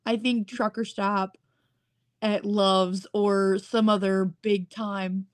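A woman's voice: medium pitch, level tone, slow, smooth, dry recording, studio quality. A woman co-hosting a podcast, chatting casually and laughing often. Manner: giggly, reacts with frequent laughs. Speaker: podcast co-host. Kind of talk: casual chat.

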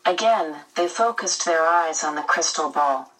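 A woman reads a storybook chapter aloud in a measured, gentle manner. Her voice sits fairly low and moves very slowly, and it is picked up from a mic set some way off. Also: recorded from a distance, poor audio. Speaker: audiobook narrator. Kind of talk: slow storybook narration.

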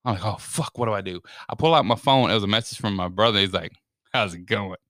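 A man's voice: fairly low pitch, fast, no echo, studio quality. A man telling a funny story in casual chat, swearing and acting out what everyone said. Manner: animated, swearing storyteller who acts out quotes.

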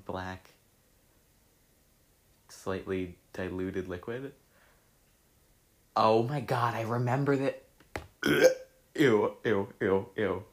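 A young man chatting casually as he reads out his old social media posts, laughing and swearing at them. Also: fairly low pitch. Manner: laughing, swearing, excitable reactions. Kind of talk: casual chat.

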